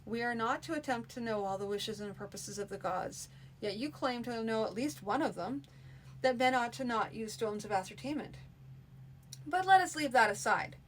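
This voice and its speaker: A woman's voice: a little high, lively intonation, normal speed, slight background noise, close to an everyday voice, low-quality recording. Woman reading as a stern male baron.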